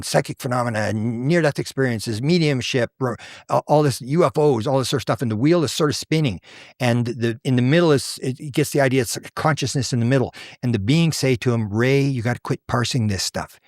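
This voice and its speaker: An older man from Canada tells stories at a quick clip, in a medium voice recorded dry and close. He acts out the people he quotes, and his pitch jumps high for them. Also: no room sound. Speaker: guest researcher and author. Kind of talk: animated storytelling in conversation.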